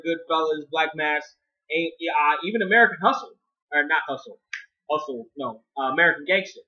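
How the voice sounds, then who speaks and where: A man talks through a film review in a casual, rambling way, swearing freely and circling back on his own sentences. His voice sits high and sounds edgy and bright. The audio is dull and lo-fi. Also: expressive, unhurried. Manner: profane, rambling, with many restarts. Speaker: movie reviewer.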